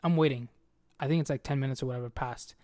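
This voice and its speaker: This young podcast host talks fast in a mid-range voice, telling an animated story in crude, casual slang and calling his friend "bro" again and again. The recording is studio quality and free of echo.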